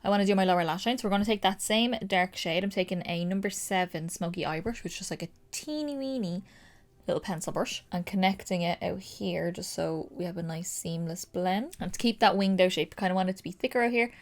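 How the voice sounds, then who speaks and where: A young woman with a Dublin accent, chatting excitedly through a casual makeup tutorial with lots of fillers. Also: on the low side, fast talker, hardly any pauses. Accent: Dublin Irish. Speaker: makeup creator.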